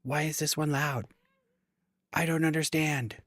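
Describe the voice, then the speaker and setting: A man's voice: on the high side, level tone, normal speed, a bit bright, dry recording, studio quality. A man in his thirties chatting casually with viewers while streaming a game, rambling and friendly. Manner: chatty, rambling, talks to chat. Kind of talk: casual live-stream chat.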